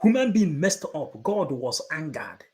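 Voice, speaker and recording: A man's voice: a little high, big pitch swings, a little slow, warm tone. A man preaching to supporters, emphatic and repetitive, moving between English and Igbo. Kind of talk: impassioned preaching.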